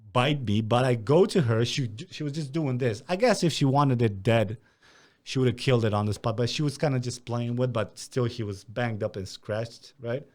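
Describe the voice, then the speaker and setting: Young male podcast host from Romania, mid-pitched, animated storyteller, swears often. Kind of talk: casual podcast chat.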